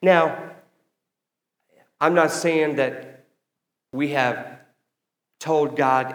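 A male pastor preaching a sermon in a measured way, speaking directly to the congregation. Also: a little high, steady tone, a bit bright. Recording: long hall reverb.

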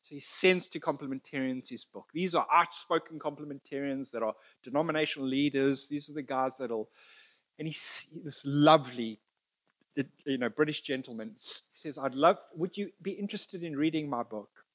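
A man speaking off the cuff to an audience, telling a story in a conversational, halting way with restarts. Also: mid-range voice, a bit bright. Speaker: speaker answering audience questions. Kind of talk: unscripted talk to an audience.

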